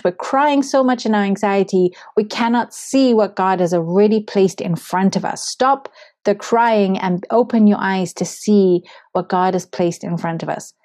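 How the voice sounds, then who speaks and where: A woman's voice: medium pitch, moderate pace, darkish tone. A woman from Zimbabwe hosting a devotional podcast, talking in an earnest, reflective, conversational way. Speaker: podcast host.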